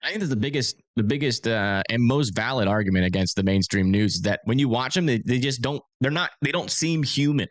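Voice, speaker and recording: A man hosting a casual storm-forecast livestream. He talks in a rambling, filler-heavy way, and his pitch moves a lot. The sound is close and dry, with no room echo. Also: expressive, brisk, few pauses.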